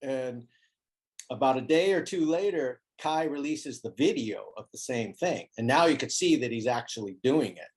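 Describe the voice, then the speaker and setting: A man telling a story as an interview guest, animated and acting out the voices of people he quotes. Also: mid-range voice, normal speed, hardly any pauses. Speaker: interview guest, foil board maker. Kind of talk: casual storytelling.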